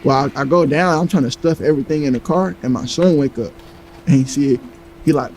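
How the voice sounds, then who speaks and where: A man casually telling a tense personal story, animated and profane, acting out what others said. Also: medium pitch, fast, rough recording. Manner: animated, acts out quoted lines, heavy profanity.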